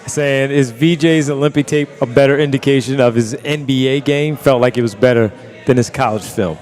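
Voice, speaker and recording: A man hosting a live basketball draft show, steering it along in a relaxed way and reading viewer questions. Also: mid-range voice, a little fast, soft background music. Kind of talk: casual live draft-night panel chat.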